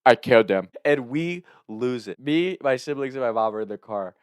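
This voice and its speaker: A young adult man from Kentucky telling a funny personal story, animated and often laughing as he speaks. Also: medium pitch, normal speed, clear, resonant tone, no room sound, clean studio sound. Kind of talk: comic storytelling.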